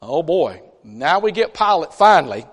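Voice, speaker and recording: A man preaching a conversational sermon in a church, folksy and animated, with chatty asides between scripture readings. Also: a little high, moderate pace, breathy edge. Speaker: pastor. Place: church sanctuary. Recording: long church reverb.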